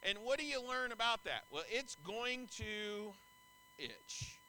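A man's voice: very high-pitched, huge pitch swings, slow, sharp tone, slight background noise, rough recording. A middle-aged man preaching a sermon as pastor, telling folksy, anecdotal stories to his congregation.

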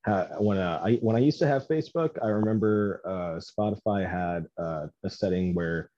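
A man co-hosting a podcast in casual chat, teasing and quick to laugh, with hesitant filler-heavy phrasing. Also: low-pitched, warm tone, dry recording, dull audio. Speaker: podcast co-host.

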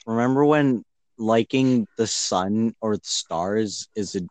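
A man's voice: lowish voice, slow, a little mellow, dry recording. A young man co-hosting a casual podcast, telling silly stories in a playful way. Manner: playful, laughs along, tells silly stories. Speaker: podcast co-host. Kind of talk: casual joking chat.

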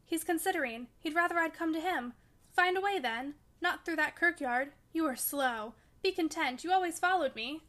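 A woman's voice: very high-pitched, moderate pace, fairly bright tone, voice pushed up. A woman reading as a feverish, passionate young woman, raving and fierce in a storybook reading. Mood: strange, distant.

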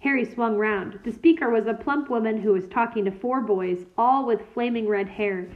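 A woman reading a children's novel aloud in a steady, clear storytelling manner. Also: fairly high pitch, normal speed. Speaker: reader. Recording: tinny phone-like sound.

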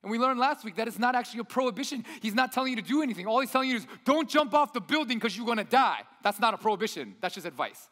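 Young pastor guy preaching casual, kinda high voice, big hall echo behind him. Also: lively intonation, racing, hardly any pauses, sharp tone. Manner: conversational preaching, acts out tempter's voice. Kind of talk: sermon.

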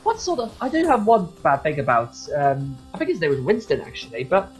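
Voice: mid-range voice, wildly swooping pitch, a little fast, breathy edge, faint music behind, rough recording. A podcast co-host chatting casually about old games, reminiscing and quoting scenes. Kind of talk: casual chat about retro video games.

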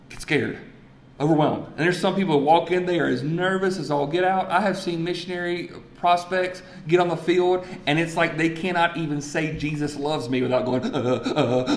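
Animated man preaching in a roomy church. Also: on the high side. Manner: animated storytelling, swings from loud excitement to quiet emphasis. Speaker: pastor. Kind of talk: sermon. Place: church sanctuary.

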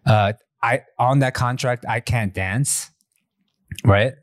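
A man's voice: mid-range voice, slow pace, no echo, studio quality. A man in his forties, co-hosting a podcast, telling candid, self-deprecating stories in casual chat. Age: 40s. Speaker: podcast co-host.

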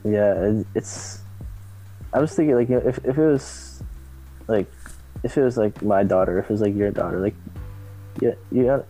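A man's voice: lowish voice, moderate pace, long pauses, mellow, faint music behind, rough recording. A man in casual chat who talks hesitantly, with many restarts and fillers.

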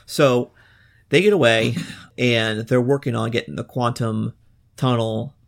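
A man hosts a relaxed film podcast, walking through a movie plot with easy pauses. His voice has a gravelly edge at a middle pitch. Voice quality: relaxed, recapping plots with fillers. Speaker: podcast host. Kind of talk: casual film-discussion podcast.

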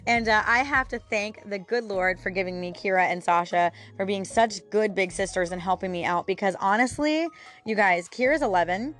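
A woman's voice: medium pitch, a bit bright. A woman in her thirties hosting a casual solo podcast, talking candidly with frequent fillers and little laughs. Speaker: podcast host.

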